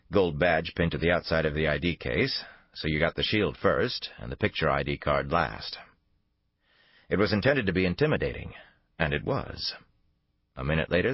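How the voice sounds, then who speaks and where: A man with a very deep voice reads a thriller in a measured, even way. The recording is dry and close with a slightly dull top end. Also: no echo. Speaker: audiobook narrator. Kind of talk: scripted thriller narration.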